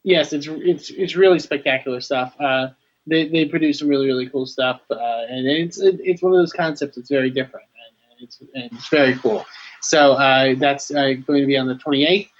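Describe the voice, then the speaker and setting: A man co-hosting a podcast in casual chat, rambling with many pauses. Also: medium pitch. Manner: rambling, lots of uh and restarts. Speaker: podcast co-host. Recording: dull lo-fi audio.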